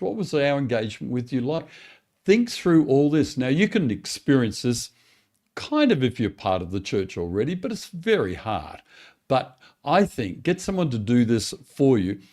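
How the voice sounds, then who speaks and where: An encouraging man teaches church leaders in a relaxed webinar style. His middle-pitched voice swings up and down with lots of animation as he speaks straight to pastors. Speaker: church growth coach.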